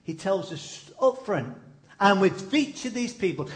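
A man delivering a sermon with a high-pitched voice. He tells stories animatedly and leans into dramatic pauses. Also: expressive. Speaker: preacher.

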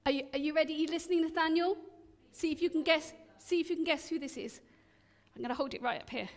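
A woman telling stories in a sermon to a church congregation, chatty and lively, asking her listeners questions as she goes. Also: high voice, quick pace. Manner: animated, chatty, asks the audience questions. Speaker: preacher leading an all-age church talk. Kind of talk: storytelling sermon. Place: church hall. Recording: long reverb of a church.

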